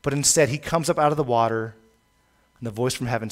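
A male pastor in the middle of a sermon, speaking with steady, mid-range pitch. He drives his points home by repeating phrases, and now and then restarts a word as he builds. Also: fast. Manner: emphatic, repeats key lines for weight, occasional stumbles.

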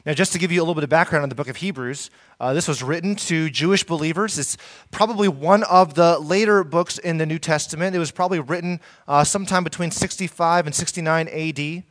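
A man's voice: fairly high pitch, fast, a bit bright. A man preaching a sermon as pastor, earnest, with many fillers and restarts.

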